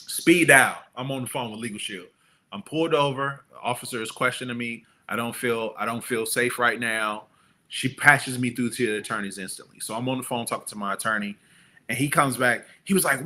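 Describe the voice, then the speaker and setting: A middle-aged man, a guest entrepreneur, telling stories in a casual interview and acting out the people he quotes. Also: a little fast. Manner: animated, acts out quotes with big pitch jumps.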